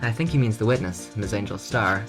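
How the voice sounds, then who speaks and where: A young man streaming a game, joking and reacting in a chatty, excitable way. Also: lowish voice, fairly quick. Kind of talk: let's play commentary. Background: game music.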